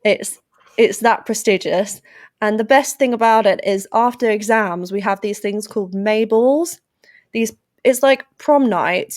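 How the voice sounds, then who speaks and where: A young woman from England with an English accent, chatting lively and playfully as a podcast guest. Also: on the high side, dry recording, clean studio sound. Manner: lively, playful, puts on silly voices. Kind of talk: casual interview chat.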